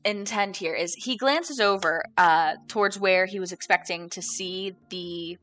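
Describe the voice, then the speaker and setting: Bright-voiced woman running a tabletop game. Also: mid-range voice, unhurried. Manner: hesitant, many ums while describing scenes. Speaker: dungeon master.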